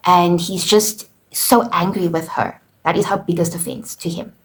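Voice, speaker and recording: A woman with a lowish, steady voice speaks at a normal speed, recapping a play for her students in a relaxed lesson. Chatty by nature, she explains things by paraphrasing what the characters said, sprinkling her talk with plenty of "okay" and "you know."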